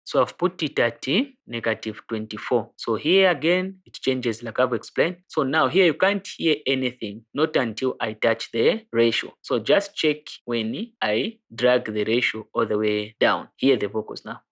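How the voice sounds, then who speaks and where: Casting note: a man in a medium register who walks through a software tutorial step by step, plain and informal. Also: mid-range voice, expressive, moderate pace, few pauses. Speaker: music production tutor. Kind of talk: screen-recorded software tutorial.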